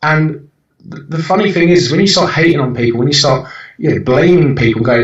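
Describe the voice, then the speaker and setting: A man's voice: a little high, lively intonation, a little fast, recorded from a distance. Blunt, swearing man in an echoey room. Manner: blunt, profane, motivational storytelling. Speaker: guest. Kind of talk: casual podcast conversation. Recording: dull, roomy podcast recording.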